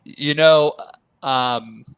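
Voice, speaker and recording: A man's voice: on the high side, fairly even intonation, takes it slowly, fairly bright tone, clear, resonant tone, no room sound. A man from Pennsylvania, a motivational speaking coach, talking energetically as a podcast guest and calling the host brother. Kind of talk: podcast interview.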